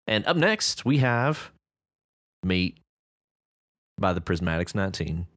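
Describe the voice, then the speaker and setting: A man's voice: low-pitched, very animated, slow pace, fairly bright tone, dry recording, clean studio sound. A man co-hosting a podcast, chatting with enthusiasm about reader stories and laughing easily. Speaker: podcast co-host.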